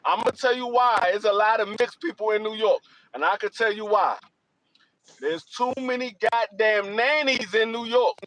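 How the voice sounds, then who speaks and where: A man from Washington, D.C., co-hosting a podcast, telling stories in a loose, animated way, swearing and repeating himself. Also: sits high, normal speed, dry recording. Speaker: podcast co-host. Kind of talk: casual chat.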